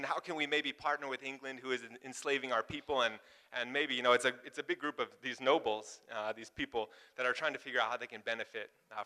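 A man's voice: mid-range voice, pushed and bright. A man preaching a sermon in a loose, casual way, often laughing and asking the congregation questions. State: warm and sweating from exertion. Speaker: pastor.

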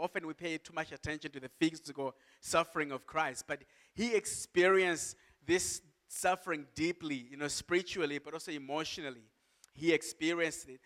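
Male pastor, earnest emphatic sermon delivery, slightly higher-pitched voice. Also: a bit bright. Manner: earnest, slow emphatic preaching with rising cries.

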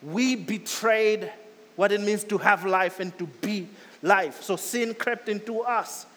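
High-voiced man preaching in a reverberant hall. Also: slow. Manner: emphatic preaching, repeats phrases, swells loud then drops soft. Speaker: pastor. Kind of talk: sermon.

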